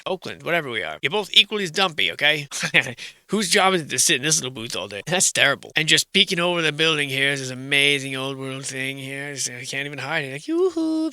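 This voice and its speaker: Sarcastic whispering man, crisp bright voice. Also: on the high side, dry recording. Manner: sarcastic, mocking asides and sudden put-on voices. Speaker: host. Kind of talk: whispered comedic commentary over archive photos.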